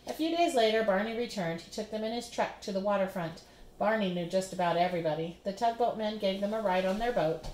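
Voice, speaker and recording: A woman reading a children's picture book aloud with expressive storybook narration, recorded in a roomy space. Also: mid-range voice, fast talker.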